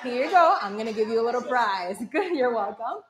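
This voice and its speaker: Soft background music plays as a young woman, a guest radio presenter, leads schoolkids through tongue twisters, laughing often and encouraging them warmly. Her voice sits a little high, expressive and brisk, in an echoey hall alive with children's chatter.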